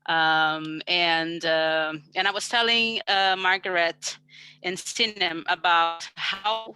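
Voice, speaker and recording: A woman's voice: fairly low pitch, takes it slowly, bright, forceful tone, smooth, no echo. A woman who teaches university English, talking candidly in an online seminar over a video call.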